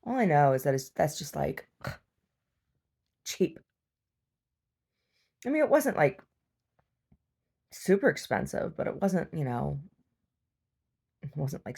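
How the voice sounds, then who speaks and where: A woman's voice: low-pitched, vocal fry, darkish tone, husky. A woman host telling a long casual story, rambling and chatty, full of fillers and restarts. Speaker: podcast host.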